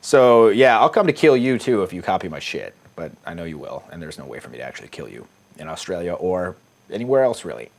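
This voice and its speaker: A man's voice: low voice, sing-song, fast. A man, a dating coach, casually talking through text exchanges in a crude, irreverent, offhand way. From United States.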